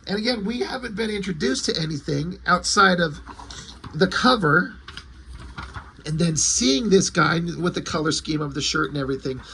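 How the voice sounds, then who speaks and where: A man casually reviewing a comic, excited and rambling as he retells the story. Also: on the high side, a little hiss or hum.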